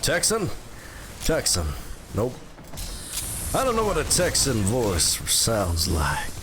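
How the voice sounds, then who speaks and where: A man's voice: on the low side, huge pitch swings. Playful gaming streamer man, noisy audio. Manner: playful, joking, quick laughs. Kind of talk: casual gameplay chat with viewers.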